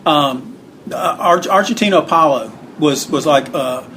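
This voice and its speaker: A man's voice: measured pace, fairly bright tone, a little hiss or hum. Rambling man telling old stories. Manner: rambling, acts out quotes with raised pitch. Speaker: interview guest, wrestling book author. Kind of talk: casual storytelling.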